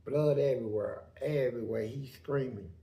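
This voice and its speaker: A man's voice: medium pitch, normal speed, warm tone, echoey room. A man telling a prison story in a blunt, profane way, full of sound words. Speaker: storyteller guest.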